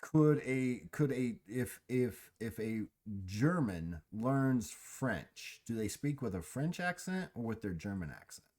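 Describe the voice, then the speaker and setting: A man's voice: medium pitch, sing-song, slow, hardly any pauses, a little mellow. A man hosting a casual chat, musing aloud with a rambling, restarting way of talking. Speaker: host.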